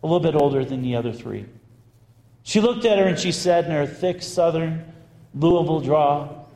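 A man, a priest, telling a story in a sermon in an animated, conversational way with bursts of emphasis. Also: on the high side, normal speed. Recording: echoey hall with long reverb.

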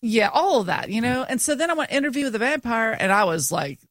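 A woman's voice: on the high side, quick pace, no echo, clean studio sound. A middle-aged woman co-hosting a podcast, telling stories animatedly with lots of fillers and frequent laughter. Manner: animated storytelling, laughing often, filler-heavy. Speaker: podcast co-host. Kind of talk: casual conversation.

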